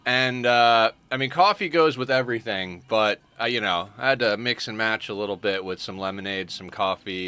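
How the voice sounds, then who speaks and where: Sleepy male streamer, casual and jokey, bright tone, lively up-and-down delivery. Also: mid-range voice, clean tone. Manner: chatty, joking, greets chat by name. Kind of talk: casual livestream chat.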